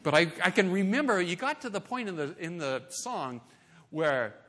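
Middle aged guy preaching, chatty and animated, voice jumps up and down a lot. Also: high-pitched, moderate pace. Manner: animated, conversational, playful asides and mock voices. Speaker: pastor. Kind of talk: sermon.

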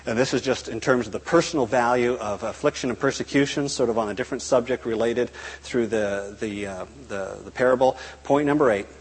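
A man delivers a sermon with a husky, breathy voice. He is animated, slipping into bits of acted-out conversation. The sound carries a long reverb from a big hall. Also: medium pitch, brisk. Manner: animated, acts out dialogue in quotes. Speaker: preacher.

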